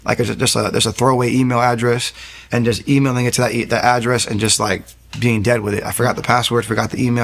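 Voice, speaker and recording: A man's voice: mid-range voice, a bit bright. A young man giving an earnest testimony in an interview, telling his story and acting out what people said to him. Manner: earnest, storytelling, acts out quoted dialogue. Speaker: interview guest.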